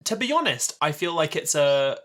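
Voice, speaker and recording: A man's voice: fairly high pitch, sing-song, normal speed, a bit bright. A man in his twenties co-hosting a podcast in casual chat, talking loosely with many fillers and frequent laughs. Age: 20s. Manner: chatty, laughs often, lots of fillers. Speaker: podcast co-host.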